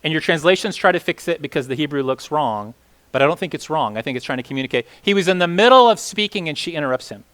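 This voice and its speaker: Man, bible teacher, high voice, very animated pitch, casual, lots of "like", rhetorical questions. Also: fast talker. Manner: conversational, many "like" fillers and restarts.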